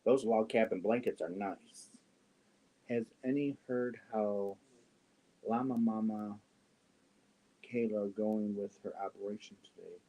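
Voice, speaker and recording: A man's voice: fairly low pitch, fairly even intonation, a little slow, long pauses, warm tone. A man hosting a crochet livestream, chatting casually, reading viewer comments and cooing to his cats. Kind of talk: casual chat while crocheting.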